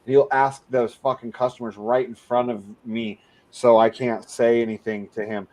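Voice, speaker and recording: A man hosting a casual podcast, telling crude stories full of swearing and jumping into high voices to mimic other people. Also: little pitch movement, normal speed, a little mellow, low-quality recording. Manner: profane storytelling, mimicking people in raised voices. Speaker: podcast host.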